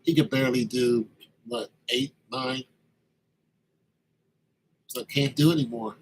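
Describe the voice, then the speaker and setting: A man in his late fifties telling a story from his army days in a casual, animated way, acting out the other people's lines. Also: medium pitch, takes it slowly, slight background noise, poor audio. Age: 50s. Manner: animated, acts out quoted dialogue.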